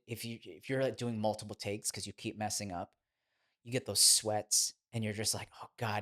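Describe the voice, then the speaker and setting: A man in his thirties, a podcast guest, telling stories in a chatty, animated way and laughing as he goes. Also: medium pitch. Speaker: guest, former child actor turned boxing trainer. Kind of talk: casual podcast storytelling.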